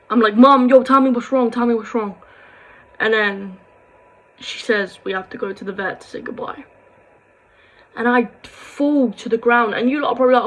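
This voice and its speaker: A woman's voice: on the high side, steady tone, moderate pace, low-quality recording. A young woman, rambling through a sad personal story to camera, full of quoted dialogue and sighs. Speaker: vlogger.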